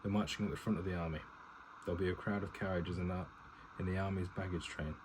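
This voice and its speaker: A man reading a gruff army officer, deep. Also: fairly even intonation, fast talker, noisy background, natural voice. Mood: low, tender. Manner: plain reading, little acting.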